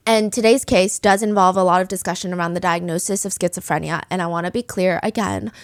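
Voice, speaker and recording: A woman's voice: fairly low pitch, dry recording. A woman hosting a true crime podcast, retelling a case in a chatty, dramatic way with casual asides. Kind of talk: casual storytelling.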